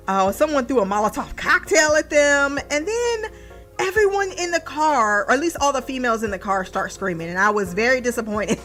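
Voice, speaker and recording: A woman's voice: high-pitched, fairly bright tone. A young woman recapping a TV episode in casual podcast chat, laughing often, swearing and mimicking the characters.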